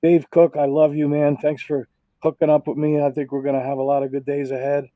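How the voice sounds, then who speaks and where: A man's voice: a little high, flat delivery, brisk, dry recording, phone-quality sound. A man, a sim racing driver recovering from illness, giving heartfelt, rambling thank-yous over voice chat.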